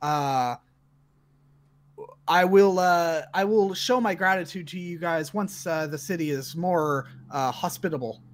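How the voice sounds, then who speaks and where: A man voicing a brisk wounded old governor. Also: fairly high pitch, lightly acted. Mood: grateful. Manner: halting with many filler sounds. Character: older male governor, burned and wounded, brisk. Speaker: game master voicing a character. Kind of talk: tabletop role-play voicing.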